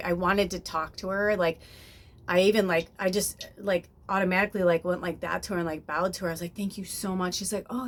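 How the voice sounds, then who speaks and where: A woman in her fifties chatting casually to camera at home, rambling with lots of fillers and the odd swear word. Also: on the low side. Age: 50s. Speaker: spiritual medium and channel host.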